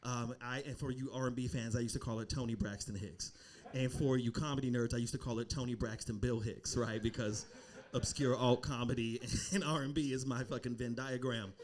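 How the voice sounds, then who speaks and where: A young adult man does a standup comedy set on a club stage, telling a story and playing the people in it. His voice is medium in pitch and fairly quick. He delivers the tale with animation, acting out the different voices.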